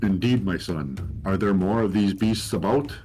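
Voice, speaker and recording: A man's voice: sits low, moderate pace, mellow, faint music behind, lightly acted. A man voicing a solemn angelic warrior who speaks in a grand, formal, fatherly way.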